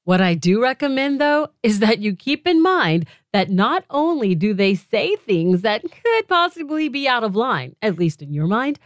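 A middle-aged woman hosting her own podcast, talking in a frank, chatty way with animated, mock-disgusted asides, recorded close to a studio mic. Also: a little high, unhurried, hardly any pauses, no room sound. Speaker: podcast host. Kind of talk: casual solo podcast talk.

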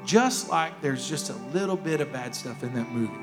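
A man's voice: medium pitch, lively intonation, moderate pace. A man preaching a sermon as pastor, emphatic and repeating his key phrases. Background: worship music.

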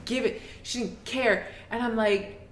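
A woman's voice: on the high side, fairly even intonation, measured pace, roomy sound. A young woman guesting on a podcast, chatting casually with blunt, profane humor. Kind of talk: casual chat.

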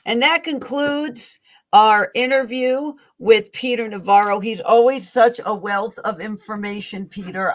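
A woman hosting a faith-based interview show, affirming her guest with frequent agreeing murmurs. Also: mid-range voice. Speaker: host.

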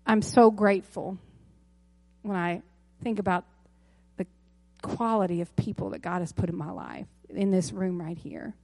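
A woman pastor in her thirties preaches a sermon to her congregation in a church sanctuary, speaking conversationally with asides and self-corrections. Her voice is lowish, steady in tone and a little mellow, at a moderate pace with no echo.

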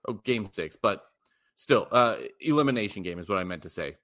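A man co-hosting a sports podcast, chatting casually and halting with restarts as he makes his point. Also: on the low side, animated, fairly bright tone. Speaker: podcast co-host.

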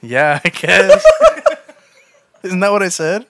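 A young man co-hosting a casual podcast, relaxed and joking, laughing easily. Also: high voice, slow pace, very noisy. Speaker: podcast co-host. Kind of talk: casual chat.

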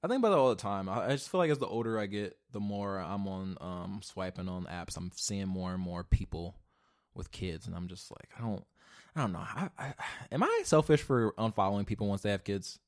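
A man in his twenties hosting a solo podcast, rambling and profane, going from mumbles to loud rants. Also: fairly low pitch, expressive, brisk. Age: 20s. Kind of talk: casual solo podcast rant. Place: home, alone.

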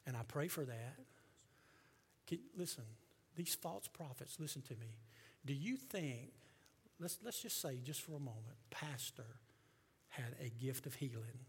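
A male pastor preaching a sermon to his congregation, swinging from hushed tones to loud, fervent passages. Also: medium pitch, slight background noise. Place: church sanctuary with congregation.

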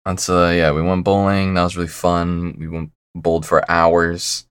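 A man's voice: low voice, level tone, moderate pace, clear, resonant tone, dry recording, studio quality. A young man chatting casually as a podcast guest, laid-back and a bit mumbly, laughing often. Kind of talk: casual chat.

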